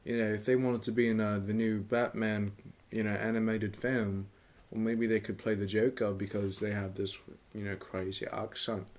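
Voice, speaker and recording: A man's voice: fairly low pitch, level tone, normal speed, few pauses, darkish tone. A man co-hosting a comedy podcast who chats in a rambling, hesitant way. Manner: rambling, hesitant, full of you-knows. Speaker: podcast co-host. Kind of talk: casual comedy chat.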